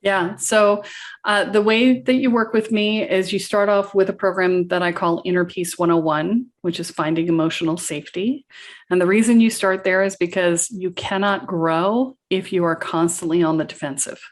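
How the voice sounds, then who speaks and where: A middle-aged woman, a podcast guest and coach, telling a story with vivid, animated delivery, acting out the dialogue and laughing often. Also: lowish voice, moderate pace.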